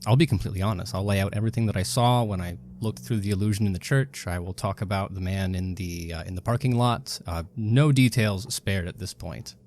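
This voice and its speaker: A man's voice: sits low, a little fast, hardly any pauses, a little mellow, slight background noise. A man playing in a tabletop roleplaying game, speaking in character in an earnest, pleading way. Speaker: player.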